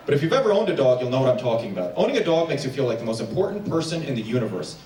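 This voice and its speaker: A man from New Jersey doing a stand-up comedy set with quick crowd work on a theater stage. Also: mid-range voice. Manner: quick crowd work, animated voices for pets. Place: theater stage before a packed house. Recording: echoey stage sound from far off, audience noise.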